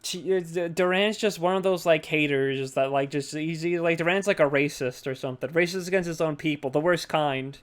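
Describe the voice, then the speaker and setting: A man's voice: a little high, brisk, hardly any pauses, clean tone. A man co-hosting a casual movie podcast, swearing often and mocking characters in put-on voices. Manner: profane, animated, acts out characters in mocking voices. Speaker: podcast co-host.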